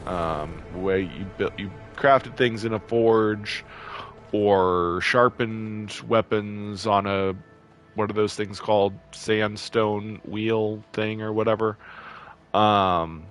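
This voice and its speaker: A man casually commenting while playing a game, chatty and quick to get irritated, laughing often. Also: on the low side, fairly even intonation, faint music behind. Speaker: gameplay video host.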